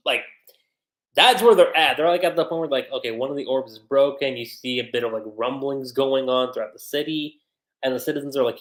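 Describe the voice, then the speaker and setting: A man chatting casually on a livestream as an anime reviewer, speaking from his home desk setup in an animated way. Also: mid-range voice. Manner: chatty, animated, acts out character lines in quick voices.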